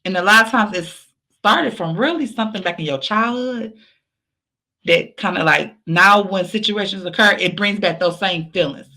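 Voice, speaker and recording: A woman's voice: medium pitch, moderate pace, bright, forceful tone. A woman podcast host giving an emphatic motivational pep talk, repeating phrases for emphasis.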